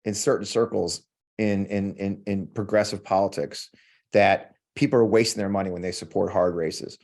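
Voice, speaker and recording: A man's voice: low-pitched, fairly even intonation, moderate pace, a little mellow. An American man hosting a podcast, in a heated political monologue, swearing often and repeating lines for emphasis. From United States. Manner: emphatic, preacherly build-ups. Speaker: podcast host.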